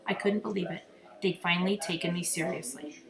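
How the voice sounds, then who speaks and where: A woman reading a children's novel aloud with expressive storytelling. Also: lowish voice, a little fast, vocal fry. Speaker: reader. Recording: roomy echo, crowd murmur behind.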